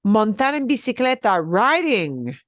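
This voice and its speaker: A woman's voice: a little high, big pitch swings, unhurried, no echo, studio quality. A woman teaching a beginners' Spanish class over a video call, explaining patiently and checking in with "okay?" often.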